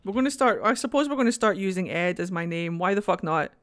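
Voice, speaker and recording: A woman's voice: mid-range voice, animated, fast. A playful woman talks casually over her gameplay in a mid-range voice. She swears freely and breaks into goofy voices, recorded close on a desk mic at home. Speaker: streamer. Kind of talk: casual let's-play commentary.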